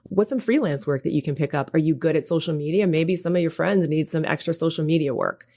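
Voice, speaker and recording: A woman's voice: sits low, quick pace, dark tone. A woman coach speaking as a podcast guest, earnest and reassuring, explaining her ideas with examples. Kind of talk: casual interview chat.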